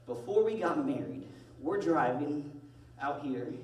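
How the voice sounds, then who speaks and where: A man's voice: unhurried, slight background noise. A young man in his twenties telling self-deprecating comic stories about his marriage in a monologue, heard from a distant mic in an echoey room. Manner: animated, self-deprecating, jumps into high-pitched voices. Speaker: comedic monologue performer. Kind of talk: comedic storytelling monologue.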